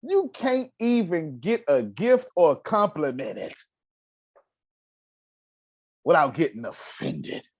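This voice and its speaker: A man leads a group coaching call, talking bluntly and swearing freely as he drives his points home. His pitch leaps and dips all over, and his voice comes through close and dry, with no room sound. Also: wildly swooping pitch, unhurried, dry recording. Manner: blunt, profane, emphatic, acts out quoted voices. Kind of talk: motivational coaching talk.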